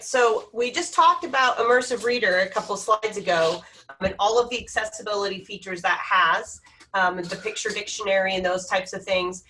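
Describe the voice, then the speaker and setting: A woman's voice: mid-range voice, sharp tone, far from the mic, a little hiss or hum. A woman presenting classroom tech tools in a webinar, talking with frequent hesitations. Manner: hesitant, many ums. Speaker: education technology presenter.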